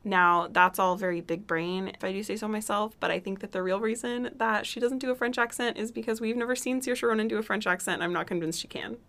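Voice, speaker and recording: A woman's voice: mid-range voice, fast, few pauses, a bit bright. A young woman co-hosting a podcast, talkative and opinionated, cracking jokes with lots of fillers. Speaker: podcast co-host. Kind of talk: casual chat.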